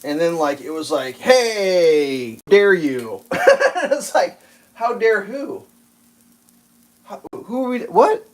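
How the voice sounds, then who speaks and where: A man's voice: sits high, sing-song, takes it slowly, pauses often, a little mellow, low-quality recording. A man hosting a casual livestream while cooking, rambling and swearing, with lots of fillers, and faint kitchen clatter behind him. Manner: rambling, profane, filler-heavy. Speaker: livestream host.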